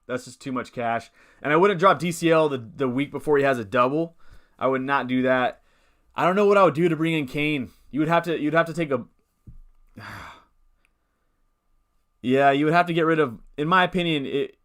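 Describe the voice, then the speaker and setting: A man's voice: mid-range voice, fairly bright tone. A young man streaming live, casually talking through fantasy football teams and reading chat, rambling and upbeat, with hiccups. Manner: thinks aloud, reads chat, rambling and upbeat.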